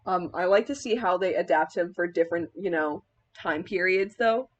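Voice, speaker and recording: A woman's voice: lowish voice, normal speed, lo-fi sound. A young woman chatting casually in a vlog while styling a cosplay wig, rambling with many filler words and laughing mid-sentence.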